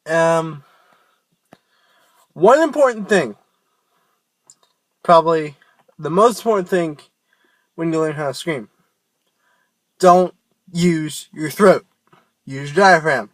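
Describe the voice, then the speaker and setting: A man's voice: a little high, slow pace, pauses often, no room sound. A young man giving a casual, rambling tutorial on screaming technique, joking at his own expense. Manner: rambling, self-mocking, loose and informal.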